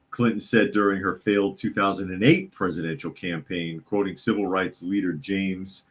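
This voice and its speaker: A man's voice: sits low, normal speed, fairly bright tone. A man hosting a live news talk podcast, reading out chat comments in a sarcastic, opinionated and rambling way. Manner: rambling with fillers and repeats. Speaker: podcast host.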